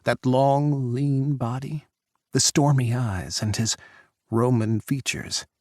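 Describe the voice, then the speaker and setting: Gravelly male audiobook narrator. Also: mid-range voice, slow pace, darkish tone, no room sound, clean studio sound.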